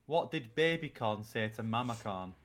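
Animated man telling dad jokes. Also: medium pitch, normal speed. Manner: laughs often, jokey. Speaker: podcast co-host. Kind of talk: casual chat.

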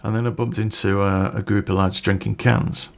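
Middle-aged male storyteller, lowish fry-edged voice, loose rambling delivery full of curses. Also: level tone, normal speed. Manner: swears freely, rambling anecdotal asides. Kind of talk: casual spoken storytelling.

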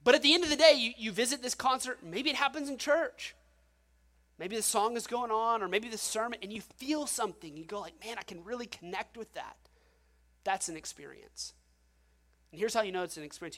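A male pastor delivers a sermon in a church sanctuary. He preaches in an animated, storytelling way, often turning to the congregation with questions. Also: high-pitched.

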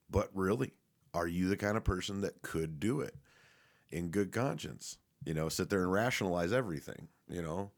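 Very deep-voiced man rambling casually. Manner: rambling, profane, many fillers and restarts; laughs often while talking.

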